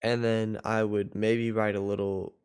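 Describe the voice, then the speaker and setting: A man's voice: fairly low pitch, level tone, unhurried, darkish tone, clean tone. A man coaching viewers step by step in a loose, rambling way, often restarting his sentences. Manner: rambling, self-correcting, loose and chatty. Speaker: online course coach. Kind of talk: casual tutorial talk.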